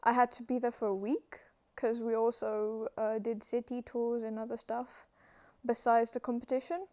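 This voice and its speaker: A teenage girl from Romania, a native Romanian speaker, answering interview questions in a soft-spoken, hesitant, thoughtful way. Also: a little high, little pitch movement, moderate pace. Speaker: student guest. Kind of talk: casual interview.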